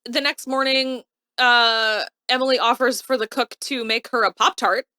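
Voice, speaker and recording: A woman with a bright, fairly high voice recaps a TV episode in a casual chat, jumping into little impressions of the characters as she goes. The sound is close and dry, with no room behind her. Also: moderate pace, no room sound. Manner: animated retelling, acting out quotes in varied voices. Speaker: podcast co-host recapping a TV episode.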